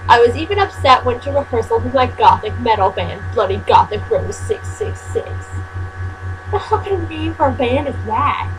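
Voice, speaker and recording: A woman's voice: a little high, moderate pace, music in the background, poor audio. Sarcastic woman reading with wry asides. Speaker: fan fiction reader and commentator. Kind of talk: comedic reading with commentary. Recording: steady mains hum.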